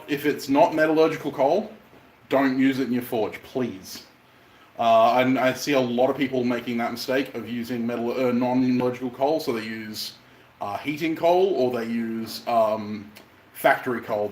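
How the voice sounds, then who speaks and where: A man with a light Australian accent chats loosely with his livestream viewers, rambling from one point to the next and swearing now and then. His voice sits at an ordinary middle pitch. Faint noise from his workshop hums behind him. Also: moderate pace, a little mellow, echoey room, rough recording. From Western Australia. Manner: chatty, rambling, mild swearing. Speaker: bladesmith livestreamer. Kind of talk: casual livestream chat, answering viewers.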